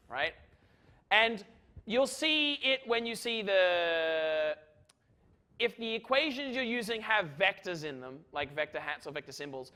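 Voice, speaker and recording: In a lecture hall, a man with a high, sharp-toned voice gives a university physics lecture. He's chatty and joking, checking in with "right?" while working through equations.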